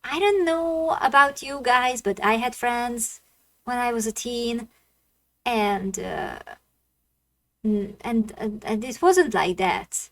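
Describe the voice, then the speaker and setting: A woman streamer chatting over her game with blunt, indignant commentary and frequent swearing. Her voice sits a little on the high side. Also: slow pace, a bit bright, rough recording. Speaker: streamer playing a dating sim. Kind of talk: casual gaming commentary.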